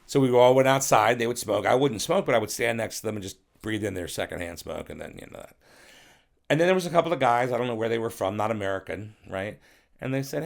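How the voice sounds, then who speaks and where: Gravelly middle-aged man telling stories. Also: medium pitch, animated, quick pace. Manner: profane, rambling storyteller who acts out others' voices. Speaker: podcast guest. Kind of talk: casual storytelling interview.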